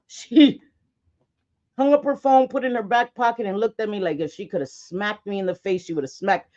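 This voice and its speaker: Woman, livestream host, casual chat, mid pitch, swears a lot, laughs and restarts, dull lo-fi audio. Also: animated, a little fast. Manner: chatty storytelling, swears freely.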